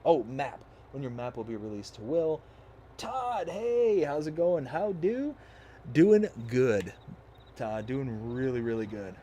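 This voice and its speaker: A man's voice: mid-range voice, expressive, slow pace, dark tone. Upbeat young male streamer from the US South, casual and rambling, faint background noise. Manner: upbeat, rambling, reads chat aloud. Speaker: livestream host. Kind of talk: casual live-stream chat.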